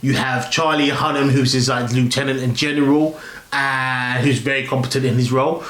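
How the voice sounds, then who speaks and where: A man's voice: medium pitch, fairly even intonation, normal speed, fairly bright tone. Rambling man reviewing a film, echoey room. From London, England. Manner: rambling, many fillers and restarts. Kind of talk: casual spoken film review.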